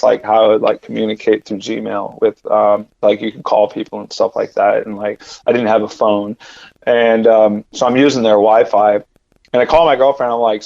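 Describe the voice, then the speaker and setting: A man telling a personal story as a podcast guest, rambling and animated, with lots of fillers and repeated words. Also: mid-range voice, highs cut off. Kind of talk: casual storytelling.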